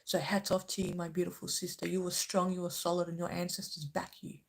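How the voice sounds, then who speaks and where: A woman's voice: fairly low pitch, little pitch movement, fairly quick, vocal fry. A woman hosting a spiritual channel, speaking earnestly and passionately to her viewers, often checking in with "okay?". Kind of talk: emotional spiritual talk to viewers.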